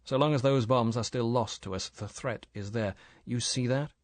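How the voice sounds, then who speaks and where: A man's voice: mid-range voice, moderate pace, close to an everyday voice. A male narrator voicing a guarded secret agent who talks coldly and matter-of-factly. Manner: cold, matter-of-fact. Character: cool, guarded British secret agent, adult man.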